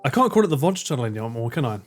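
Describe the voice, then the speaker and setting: A very animated man in his forties races through his words in a mid-range voice as he streams a game live. His accent is Essex English, he swears and jokes and laughs a lot, and game music plays in the background.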